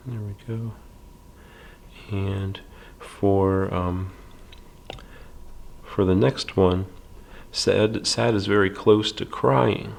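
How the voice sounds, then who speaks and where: Slow, gravelly-voiced man teaching drawing. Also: fairly low pitch. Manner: calm, patient, hesitant with fillers, drops to soft half-whispers while drawing. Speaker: library drawing instructor. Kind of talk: slow step-by-step drawing lesson.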